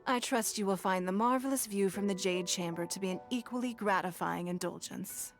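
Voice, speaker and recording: A woman plays a stately, gracious leader from a video game who speaks with formal, unhurried courtesy. Her voice sits at an ordinary middle pitch. Soft game music plays behind her. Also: natural voice. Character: composed, gracious adult woman leader hosting a banquet. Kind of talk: game voice acting.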